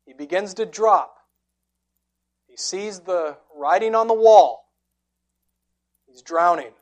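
A woman delivers a sermon, telling the story with drama and swinging between loud, forceful lines and hushed ones. Her voice sits on the low side, and she speaks at a slow pace.

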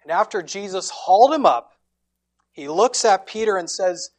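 A woman preaching a sermon, telling the story dramatically and swinging between loud, forceful lines and hushed ones. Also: medium pitch, animated, normal speed.

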